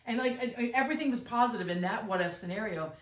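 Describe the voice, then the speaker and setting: Reflective middle-aged woman, roomy distant sound. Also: on the high side. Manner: reflective, halting with fillers and restarts. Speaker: podcast co-host, mother. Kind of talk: casual chat.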